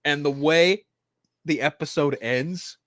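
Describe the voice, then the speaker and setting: A man hosting a pop-culture podcast, ranting casually with constant swearing and sudden loud mock-crying outbursts. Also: a little high, slow, background noise. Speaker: podcast host.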